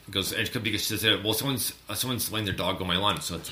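Casual co-host, man with a rambling, laughing delivery, bright tone, echoey room. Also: fairly low pitch, quick pace. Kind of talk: casual chat. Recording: echoey room with faint noise.

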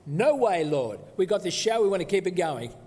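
A man voicing a brash, indignant apostle who scolds his master with loud boasting protest, in a long echoing hall. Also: sits high, sing-song, moderate pace. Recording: long echoey hall reverb.

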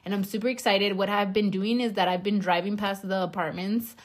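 A woman's voice: medium pitch, steady tone, brisk. Chatty swearing young woman podcaster. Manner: profane, joking, rambling with many fillers. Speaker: podcast host. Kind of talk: casual chat.

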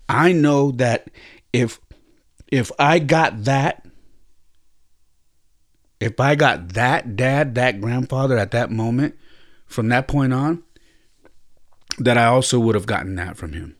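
A man's voice: medium pitch, slow pace, long pauses. A man hosting a podcast, telling a personal story in a reflective, earnest way, often stopping and restarting his sentences. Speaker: podcast host.

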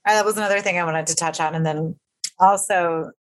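Young woman co-host, somewhat low voice, loose chatty delivery with frequent laughs. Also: fairly quick. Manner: animated, laughs often, trails off mid-sentence. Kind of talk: casual chat.

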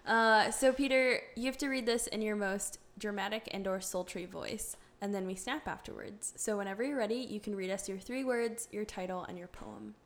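A woman's voice: mid-range voice, normal speed, hardly any pauses. A woman hosting a casual podcast, upbeat as she leads the segments. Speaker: podcast host.

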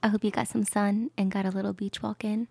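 A woman doing a whispered role-play, softly whispering sweet goodnight wishes in a breathy voice. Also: mid-range voice, flat delivery, fast talker, dry recording. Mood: tender.

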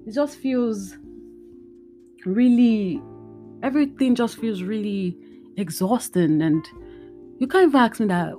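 A woman's voice: medium pitch, expressive, moderate pace, long pauses, dark tone, soft background music. A woman hosting a casual solo podcast, tired and emotional, rambling and mixing in Yoruba phrases. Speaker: podcast host. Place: indoors at home.

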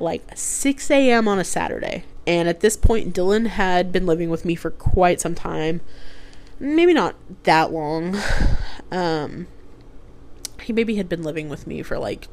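A woman's voice: fairly low pitch, lively intonation, a little slow. A young woman rambling through embarrassing personal stories in casual chat, with lots of "like" and restarts. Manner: rambling, chatty, heavy use of "like". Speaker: host telling personal stories. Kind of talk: casual storytelling.

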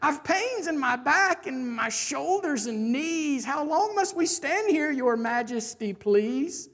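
A plain little turtle, worn out and aching, begs politely for relief in a strained, pleading voice, as a woman puts him on while reading a storybook. He is humble and tired, never loud. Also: high voice, expressive, slow pace, voice pushed up, heavily acted. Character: humble, weary little male turtle at the bottom.

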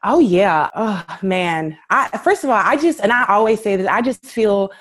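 Animated woman telling her story. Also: mid-range voice, moderate pace, dry recording. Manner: animated, acts out remembered dialogue. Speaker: guest, photographer and artist. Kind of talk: candid interview storytelling.

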